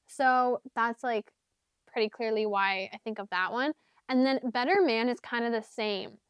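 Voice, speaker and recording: A young woman chats through her book picks in a loose, rambling way, full of "like"s and fillers, now and then half-singing a lyric. Her voice sits a little high and sounds smooth and clear. The sound is dry and close, with no room around it. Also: moderate pace, no room sound. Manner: chatty, rambling, many fillers and "like"s. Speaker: book vlogger. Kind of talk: casual chat.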